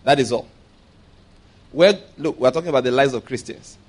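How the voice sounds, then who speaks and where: A man preaches. He speaks emphatically, slows down to stress important words and keeps checking that his congregation is following. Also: medium pitch, darkish tone. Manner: emphatic, stretches key words slowly, asks the congregation for agreement. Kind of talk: sermon.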